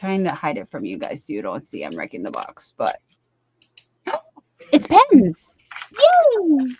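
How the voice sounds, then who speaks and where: A woman hosting a casual livestream, gushing and gasping with excitement as she unboxes gifts. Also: a bass voice, moderate pace, a little hiss or hum. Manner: gushing, excitable, many gasps and exclamations. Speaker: livestream host. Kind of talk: casual live chat while unboxing gifts. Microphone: webcam or desk mic on a video stream. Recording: dull dry stream audio.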